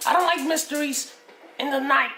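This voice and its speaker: A woman voicing a cheeky, teasing pig puppet in a kids' puppet show, joking slowly. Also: high-pitched, fairly even intonation, over loud music, close to an everyday voice. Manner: teasing, jokey, slow drawl. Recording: echoey room with loud noise.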